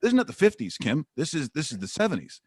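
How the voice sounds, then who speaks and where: A middle-aged man hosting a sports radio show, telling rambling stories in an animated way. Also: fairly high pitch, fast, breathy edge, dry recording, studio quality. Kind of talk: radio interview chat.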